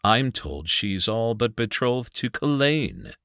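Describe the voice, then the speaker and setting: A man's voice: mid-range voice, big pitch swings, takes it slowly, fairly bright tone, no room sound, studio quality, voice pushed up, full character voice. A man voicing a crude tribal father in a storybook, cackling and scornful toward his son. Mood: mocking. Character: mocking, crude tribal father, middle-aged.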